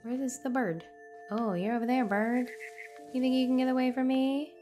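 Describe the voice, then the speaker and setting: A woman's voice: high voice, steady tone, moderate pace, dark tone, faint music behind. A young woman streamer reacting playfully while playing a story game, slipping into silly voices. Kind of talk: let's play commentary.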